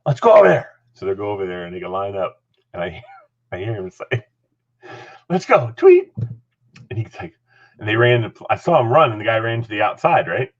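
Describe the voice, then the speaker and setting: On a dull-sounding recording, a middle-aged man with a lowish voice talks fast as he hosts a relaxed conversation. He's lively, laughs often, and acts out characters' voices while telling his story.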